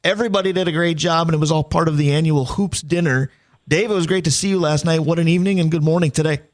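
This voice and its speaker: Radio sports host guy, kinda high voice, upbeat casual chat. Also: quick pace.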